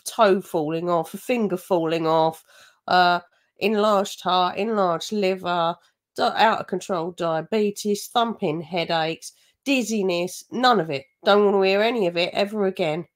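A woman hosting a reaction commentary channel, talking in a blunt, scornful, chatty way with frequent laughs. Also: on the low side.

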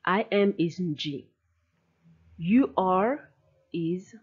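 A woman teaching a pronunciation lesson, drilling words slowly and carefully, repeating each one with clear emphasis. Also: on the low side, animated, darkish tone, lo-fi sound. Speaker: language teacher.

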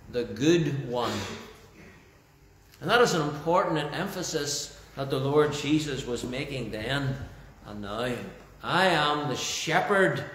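A male pastor praying and then preaching a sermon in church, slow and deliberate, lingering over key phrases. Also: medium pitch. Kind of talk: sermon with opening prayer. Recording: roomy church echo.

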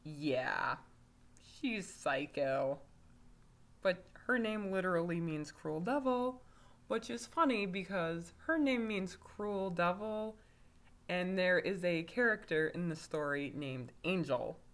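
A woman's voice: lowish voice, expressive, slow pace. A woman giving a casual video review of a story, rambling, with lots of fillers and self-corrections. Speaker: fanfiction reviewer.

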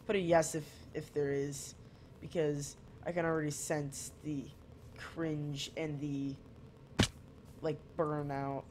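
A male gamer talks through his play slowly and loosely, drifting between jokes, asides to his viewers and remarks to his cat. His speech is drawn out and unhurried, and faint noise sits under the voice. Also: fairly high pitch, darkish tone. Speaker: gaming channel host. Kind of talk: casual gameplay commentary.

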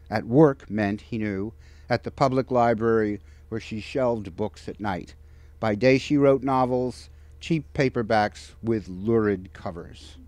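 A novelist reading from his book at a bookstore event, in a measured, expressive manner. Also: on the low side, no room sound.

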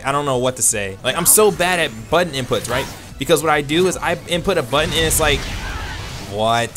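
A man commentating his own online fighting game matches, animated and self-deprecating, with quick outbursts and laughs. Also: medium pitch. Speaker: gaming YouTuber. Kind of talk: let's play commentary. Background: game music.

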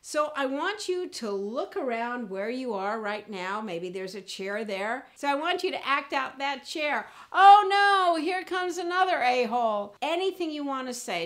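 Animated woman coaching comedy speaking. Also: fairly high pitch. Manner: animated, demonstrative, jumps into character voices. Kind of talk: comedy presentation lesson.

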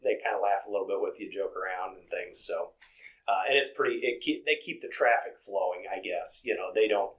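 A truck driver speaks a little fast in a low, easygoing voice during an informal interview. His stories wander, filled with "you know," and his conversational tone comes through a rough recording.

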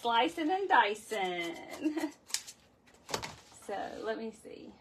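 A woman's voice: on the high side, sing-song, extremely slow, background noise. Chatty woman hosting a craft livestream. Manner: talkative, chats with live viewers by name. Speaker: wreath-making host. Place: home craft room.

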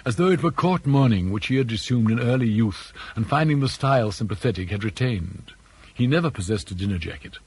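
A man reading an audiobook in scripted narration with a measured, precise delivery. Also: fairly low pitch, darkish tone, husky, poor audio. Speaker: audiobook reader.

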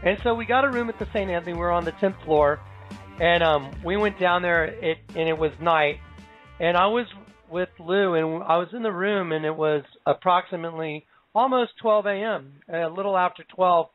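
A man gives personal testimony in a halting, dramatic way, circling back and restarting as he goes. The recording is a little dull, and soft music runs beneath it. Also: high voice. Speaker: storyteller.

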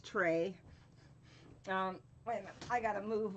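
Slow, chatty woman painting on a livestream. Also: medium pitch, big pitch swings, slightly rough. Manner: chatty, greets viewers by name while working; slow, drawn-out speech with frequent fillers. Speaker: craft channel host. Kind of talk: live-stream painting tutorial chat.

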